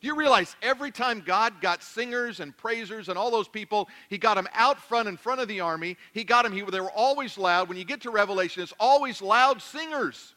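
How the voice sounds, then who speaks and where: A male pastor preaching a sermon, animated and joking, swinging between loud declarations and hushed asides. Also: sits high, a little fast, few pauses.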